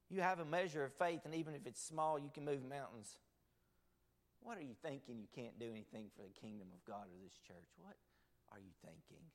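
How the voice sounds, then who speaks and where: A man preaching a sermon from a church sanctuary, swinging between loud bursts and hushed, quiet passages. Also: a little high, creaky. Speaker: pastor. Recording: long hall reverb.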